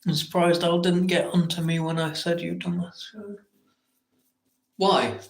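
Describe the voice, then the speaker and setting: A man's voice: sits high, fairly even intonation, a little slow, vocal fry. Chatty English man in an echoey room. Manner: chatty, answers viewer comments, mock-exasperated outbursts. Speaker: livestream host. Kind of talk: casual live-stream chat. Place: at home late at night.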